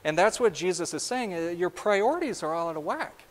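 Male pastor, high-pitched, lively sermon delivery, echoing sanctuary. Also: a little fast. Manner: animated, asks the congregation direct questions. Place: church sanctuary. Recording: long church reverb.

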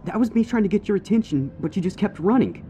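A man's voice: high voice, animated, quick pace, warm tone, muffled recording, slight background noise, pitched above the performer's own voice. A man voicing a monster that pretends to be a young stallion boyfriend and talks in a coaxing, pleading way. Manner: pleading, then threatening.

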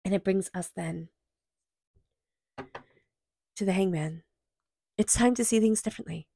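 A woman's voice: mid-range voice, unhurried, vocal fry, warm tone, dry recording, studio quality. A woman giving an intuitive tarot reading, earnest and emphatic, with soothing repeated affirmations. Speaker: tarot reader.

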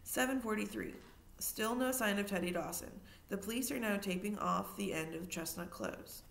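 A woman reading a children's novel aloud in a mid-pitched voice. Her narration is steady and unhurried, and she now and then stops to remind her listeners of something. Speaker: reader.

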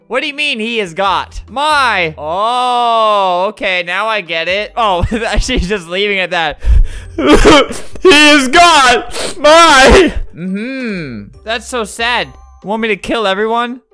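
A gaming video creator giving comedic commentary in an excitable, teasing way, laughing often, at a desk microphone. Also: medium pitch, unhurried, clean tone, no echo, soft background music.

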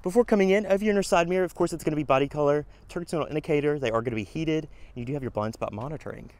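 Brisk male dealership car tour guide. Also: on the high side, darkish tone. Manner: brisk, listing features in short bursts. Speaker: car salesperson giving a vehicle tour. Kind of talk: walkaround product tour.

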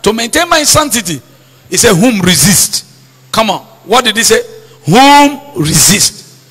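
A man preaches in a high, lively voice that swings up and down, bright and husky at once. He keeps repeating his key lines and quizzing the congregation on them. His voice rings with long reverb through a church hall. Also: measured pace. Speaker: pastor. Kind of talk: sermon.

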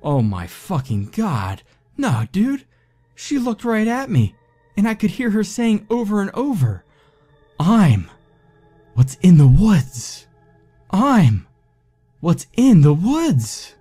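A man voicing a terrified young man who gasps and shouts frantically after a fright. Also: wildly swooping pitch, very slow, pauses often, breathy edge, soft background music, exaggerated voice. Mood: panicked. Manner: gasping, frantic, high strained shouting.

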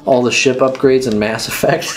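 A man's voice: medium pitch, fairly even intonation, moderate pace. A young man casually coaching a friend through a video game, laughing and swearing as he goes. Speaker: let's play co-host. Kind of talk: casual gaming chat. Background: game music.

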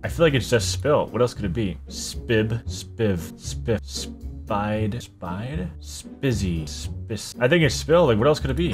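A man doing casual gameplay commentary, thinking aloud, muttering word guesses and swearing at hard words. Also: lowish voice. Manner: greets viewers with "ladies and gentlemen". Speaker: gaming YouTuber.

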